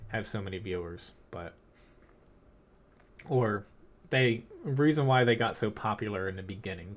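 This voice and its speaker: A man with a Philadelphia accent, chatting casually while streaming a tank game, rambling with lots of fillers and quick laughs. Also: fairly low pitch, a little hiss or hum. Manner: rambling, filler-heavy, laughs between thoughts. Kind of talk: casual live-stream commentary.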